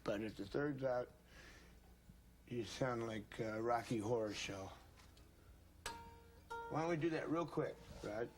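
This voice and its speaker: A man's voice: medium pitch, takes it slowly, pauses often. A man giving a casual, folksy guitar setup lesson, calling the viewers folks and gang. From United States. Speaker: guitar instructor. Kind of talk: casual instructional demo.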